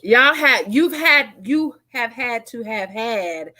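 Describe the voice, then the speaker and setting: A woman's voice: on the high side, expressive, takes it slowly, bright, forceful tone. A woman co-hosting a casual chat show, blunt and emphatic, often laughing. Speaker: podcast co-host.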